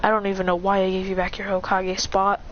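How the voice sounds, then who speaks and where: A woman's voice: medium pitch, completely flat delivery, fast talker, noisy background, natural voice. A woman voicing a stern, demanding woman leader who scolds, on a dull lo-fi recording.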